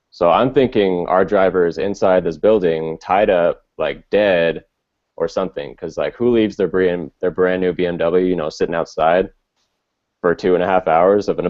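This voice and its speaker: A young man telling a long, rambling story in casual chat, full of filler words and swearing. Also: low voice. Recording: dull lo-fi audio.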